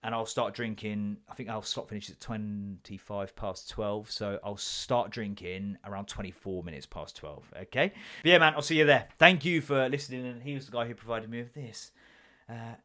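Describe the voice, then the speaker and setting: A man's voice: on the low side, normal speed, pushed and bright. A man in his thirties hosting a casual solo podcast, telling stories in a sweary, jokey way and slipping into mock voices. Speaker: podcast host.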